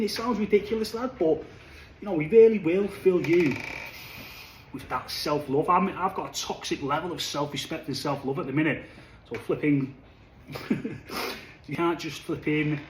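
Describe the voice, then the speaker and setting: Young man, animated casual monologue, slightly high voice, echoey room. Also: slight background noise. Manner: chatty, animated, says "lad" and "flipping" a lot. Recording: echoey room, faint ambience.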